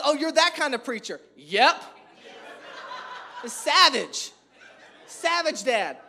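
A male pastor preaching a humorous, storytelling sermon to a live church congregation, animated and self-mocking, with emphatic repetition. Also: extremely high pitch.

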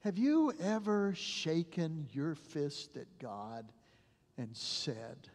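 A male pastor preaching a sermon, telling stories dramatically and dropping to a hush at the ends of phrases. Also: fairly high pitch, animated, extremely slow. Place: church sanctuary. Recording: long church reverb.

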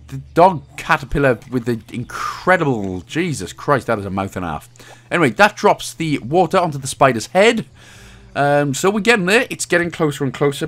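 A man's voice: fairly high pitch, fairly bright tone. A Welsh man talking casually through a game walkthrough, joking and chuckling at his own asides.

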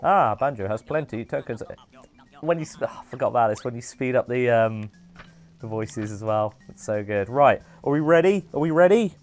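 Male streamer, lively swooping delivery, chatty gameplay commentary, game music faint behind. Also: medium pitch. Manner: excitable, chatty, quick exclamations and cheers. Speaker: streamer hosting a speedrun.

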